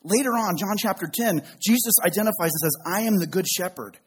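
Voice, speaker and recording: A man's voice: high voice, lively intonation, fairly quick, breathy edge. A middle-aged male pastor giving a conversational sermon with joking asides.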